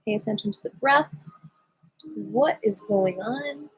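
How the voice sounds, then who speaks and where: A woman leading a livestream qigong class in a playful, giddy, chatty way, with slow guided prompts to notice breath and heartbeat. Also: a little high, breathy edge, rough recording. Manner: playful, giddy, breaks into sing-song cat voices. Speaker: qigong teacher. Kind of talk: casual livestream class guidance.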